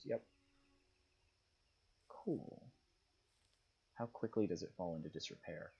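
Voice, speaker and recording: Low, husky-voiced man musing over a game. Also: slow pace, pauses often, highs cut off. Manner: relaxed, muses aloud, reads on-screen text. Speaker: gaming streamer. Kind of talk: casual gameplay commentary.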